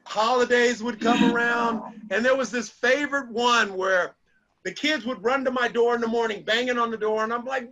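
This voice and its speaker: A middle-aged man giving a motivational talk to a small group, an animated storyteller who acts out the lines he quotes. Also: very high voice, moderate pace, muffled recording. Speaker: motivational speaker.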